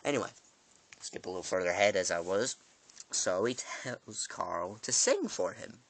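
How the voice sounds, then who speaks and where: A male vlogger recaps a TV episode in loose, rambling fashion, swearing freely and tossing in asides. His voice sits fairly low but sounds bright and forceful. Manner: profane, quick restarts and asides.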